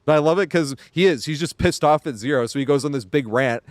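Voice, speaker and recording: A man streaming games and chatting casually, rambling with lots of fillers and quick laughs. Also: on the high side, no room sound. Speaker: game streamer. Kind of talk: casual live-stream chat.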